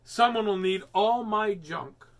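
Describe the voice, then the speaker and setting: A defiant little storybook girl digs in her heels, as an older man reads her lines. She sounds huffy and firm, pitched a little high and bright. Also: big pitch swings, a little slow, full character voice. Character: stubborn defiant young girl.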